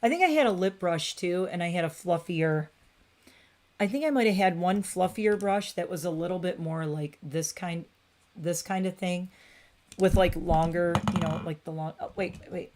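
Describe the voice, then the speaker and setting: Woman, forties, lowish voice, chatty, rambling, home bathroom livestream. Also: normal speed, darkish tone. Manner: chatty, rambling, coos at her cat. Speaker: beauty livestream host. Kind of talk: casual livestream chat.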